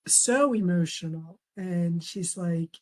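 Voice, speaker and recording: A woman's voice: on the low side, slow, low-quality recording. A middle-aged woman, a memoir author, telling family stories in a conversational interview and often laughing as she quotes relatives. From raised in a traditional Chinese family.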